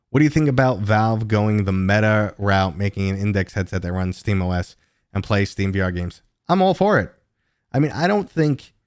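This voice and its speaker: A man chats casually on a live stream, drifting off on tangents and filling pauses with ums and uhs. His voice sits a little low. The sound is dry and close, with almost no room echo. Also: smooth. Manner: rambling and chatty, full of tangents and fillers; jumps to a much higher, louder pitch when greeting viewers. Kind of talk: casual live-stream chat answering viewer questions.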